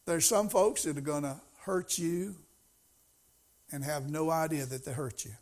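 A man's voice: a little high, measured pace, a little mellow. A middle-aged man preaching a sermon as pastor, in a folksy, conversational way that rises to emphasis.

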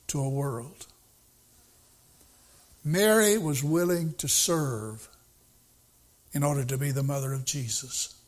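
A male preacher giving a sermon in a folksy, storytelling way, repeating his points for emphasis. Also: on the high side.

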